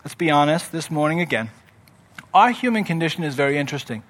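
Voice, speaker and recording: Male pastor with a high voice, expressive sermon delivery that acts out scripture. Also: fast talker.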